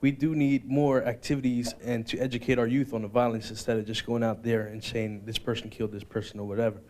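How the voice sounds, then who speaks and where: A man's voice: medium pitch, level tone, fast talker, darkish tone. A man with a New Jersey accent commenting informally at a forum, searching for words.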